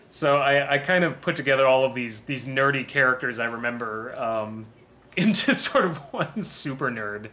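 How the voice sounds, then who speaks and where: Bright-voiced man rambling through a commentary. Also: mid-range voice, normal speed. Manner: rambling, self-deprecating, laughing often. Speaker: film commentator. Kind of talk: casual DVD commentary.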